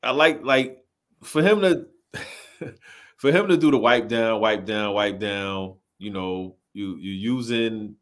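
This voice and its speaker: Low voiced guy in his 30s, animated, keeps restarting sentences. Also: takes it slowly. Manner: animated, quoting lines, stumbling restarts. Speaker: podcast co-host. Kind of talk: casual chat about rap.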